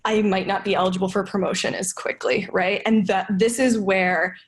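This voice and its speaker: Woman, young adult, podcast guest, earnest, thoughtful, middle pitch. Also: fairly even intonation, moderate pace. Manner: thoughtful, earnest, many fillers and restarts. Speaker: podcast guest, sales development manager. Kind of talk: casual podcast conversation.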